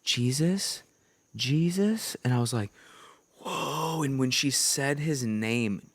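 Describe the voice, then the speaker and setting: A young man from Minnesota, a podcast guest, talking at an ordinary pitch. He tells his stories in an earnest, lively way and acts out the people in them with quick voice changes. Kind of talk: animated storytelling in casual chat.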